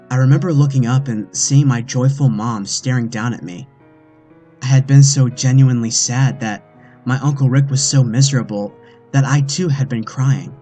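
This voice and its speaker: A man narrating a horror story in a first-person scripted read, earnest and steady. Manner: earnest storytelling, with the mother's lines put on higher. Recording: faint music bed behind.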